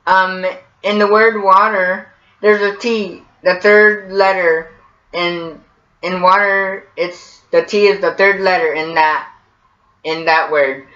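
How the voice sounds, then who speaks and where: An American vlogger hosts a casual how-to video, frequently hesitating with ums and repeated words. His voice sits high with a sharp tone and fairly even intonation, and he speaks slowly. The recording sounds roomy, dull and lo-fi.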